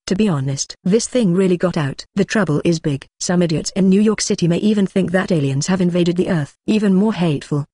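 An even, machine-like audiobook narration at a middling pitch. The reading stays measured and steady throughout. It is recorded close and completely dry, with no room sound. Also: dry recording. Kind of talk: scripted narration.

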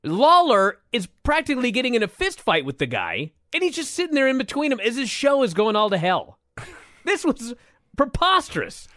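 Casual podcast co-host, man, high voice with big swings, dry close sound, exasperated energy. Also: normal speed, no room sound. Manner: animated, exasperated, swears and laughs. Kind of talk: casual chat reviewing old wrestling.

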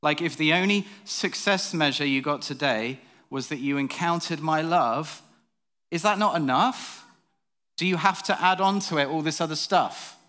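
A man, voicing God as a calm, gentle presence who speaks in a soft, patient, unhurried way. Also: a little high.

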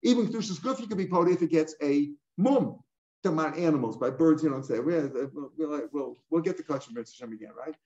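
An older man teaching a Talmud class line by line, animated and full of rhetorical questions, mixing in Hebrew and Aramaic terms. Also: on the high side, fast. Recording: echoey room, dull lo-fi sound.

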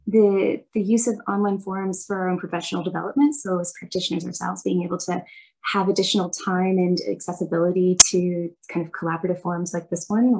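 Low, husky woman speaking flatly. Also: poor audio. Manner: measured, thoughtful, with some fillers. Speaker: webinar participant reporting back. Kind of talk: casual spoken group report. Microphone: video call.

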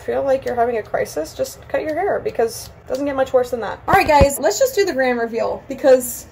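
A woman's voice: high-pitched, animated, fairly quick, creaky, background noise. A young woman chatting in a casual vlog, dramatic and self-mocking, with frequent gasps and exclamations. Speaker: beauty vlogger.

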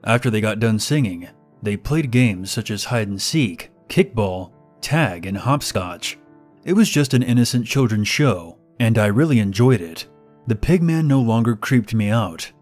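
A man narrating a horror story in a measured, deliberate way. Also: lowish voice, expressive, a little mellow, soft background music.

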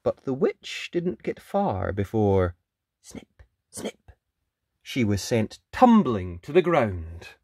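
Slow, expressive read-aloud storyteller. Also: mid-range voice, husky, no echo, clean studio sound. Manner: expressive, with whispered sound effects.

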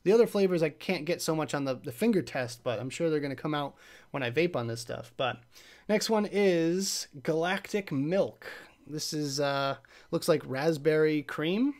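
A man's voice: a little high, animated, normal speed, a little mellow. A man hosting a casual live stream, rambling and chatty as he opens packages and answers viewers in chat. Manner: chatty and rambling, reacts to chat, trails off and restarts. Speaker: host of a live vape review show.

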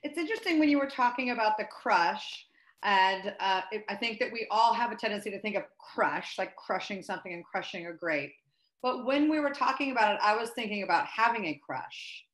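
A woman's voice: medium pitch, animated, fairly quick, a bit bright. Woman in an echoey room, reflective. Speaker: participant asking a question. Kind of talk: casual chat. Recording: echoey room on a video call.

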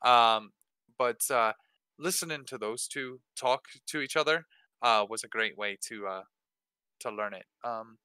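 This dungeon master running a tabletop game workshop has a mid-range voice and talks a little slowly, his tone pushed, bright and clean with no room sound. He answers questions in a casual Q&A, hesitating and restarting often.

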